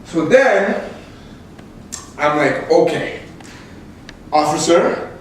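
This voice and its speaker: A young man, a podcast host, telling a story casually and with much laughter, his voice leaping high when excited. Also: extremely slow. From Canada. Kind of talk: casual storytelling among co-hosts. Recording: echoey room, distant mic, faint noise.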